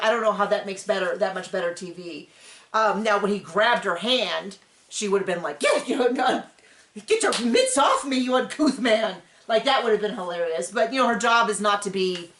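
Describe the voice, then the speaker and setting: A woman's voice: medium pitch, a bit bright, roomy sound. A woman hosting a casual TV recap, chatting in a sarcastic, filler-heavy way. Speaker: recap show host.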